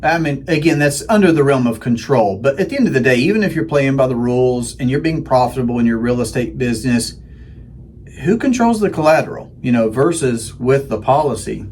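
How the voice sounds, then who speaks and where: A man's voice: mid-range voice, animated, fairly quick, darkish tone, slight background noise. A man hosting a casual round-table chat, talking in a folksy, rambling way with frequent restarts. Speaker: host.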